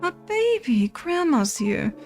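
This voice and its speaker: A woman voicing a gentle, doting old grandmother on the phone, speaking slowly and soothingly. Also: extremely high pitch, big pitch swings, faint music behind, pitched above the performer's own voice, heavily acted. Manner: slow, soothing and affectionate.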